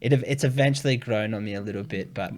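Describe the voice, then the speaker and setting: A man's voice: fairly low pitch, fast talker. A young man, a comedian chatting casually on a podcast, telling stories animatedly and swearing freely. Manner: animated storyteller, swears freely, acts out voices.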